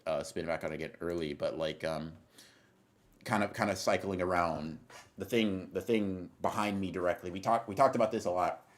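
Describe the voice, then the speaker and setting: A man's voice: low-pitched, steady tone, normal speed. A young man livestreaming, chatting casually with his viewers in a rambling, profane way that keeps interrupting itself as he reacts to chat.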